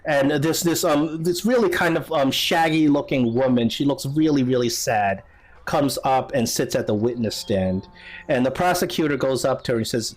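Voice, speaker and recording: Acting as game master, a man narrates a tabletop role-playing game in a relaxed manner full of fillers. His pitch is medium and his speed normal.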